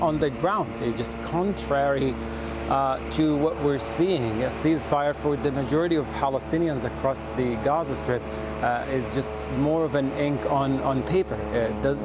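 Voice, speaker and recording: A man reporting live from the field for a news broadcast, speaking haltingly with many fillers and restarts. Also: a little high. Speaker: field correspondent. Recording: noisy outdoor line. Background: drone and street noise.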